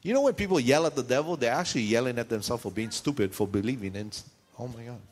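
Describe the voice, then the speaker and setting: A male pastor delivers a fast, lively sermon, firing rhetorical questions at his congregation and acting out shouted voices. His mid-pitched voice rings with the long reverb of the church sanctuary.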